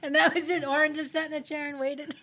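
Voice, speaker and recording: A woman co-hosts a casual interview in a high voice. She chats freely, filling gaps with short backchannel remarks. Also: little pitch movement, quick pace, bright, forceful tone. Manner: chatty backchannels and laughter.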